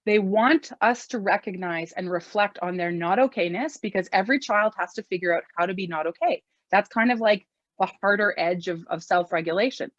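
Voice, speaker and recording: A woman's voice: mid-range voice, fairly quick, no echo, highs cut off. A middle-aged woman talking casually about parenting, full of fillers and acting out the phrases she quotes. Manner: chatty, lots of "like" and fillers, acts out quoted phrases. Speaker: parenting speaker. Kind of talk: casual talk.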